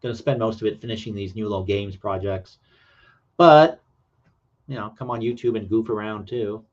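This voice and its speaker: A man's voice: on the low side, moderate pace, lo-fi sound. A man hosting a casual late-night livestream, talking in a rambling, hesitant way with many fillers. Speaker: livestream host.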